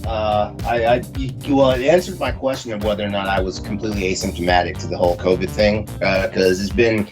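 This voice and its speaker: A hoarse, sick man chats on a podcast in halting, self-mocking bursts. Clear music plays behind his voice. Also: fairly low pitch, fairly even intonation. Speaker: podcast co-host. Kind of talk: casual podcast chat.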